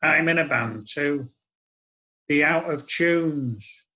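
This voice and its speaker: A man's voice: on the high side, slow, pushed and bright. A man doing a cheeky young band lad. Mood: cheerful. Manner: cheerful, boastful patter.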